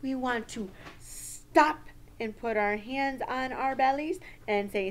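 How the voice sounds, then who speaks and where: A woman teaching a social-emotional lesson to young children in a slow, sing-song, exaggerated teacher voice. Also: high voice.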